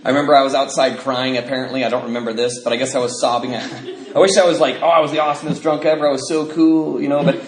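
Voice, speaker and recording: A man speaking at a recovery convention, telling his story in an animated, self-mocking way and acting out the quotes. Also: medium pitch, fast. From Washington State, USA. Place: large convention hall. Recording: echoey hall recording with background noise.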